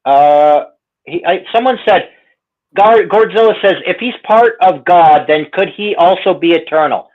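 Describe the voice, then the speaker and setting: Heated male co-host, higher-pitched, thin phone-line audio, gets worked up. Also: a little slow. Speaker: co-host of a live hangout show. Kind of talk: casual livestream chat.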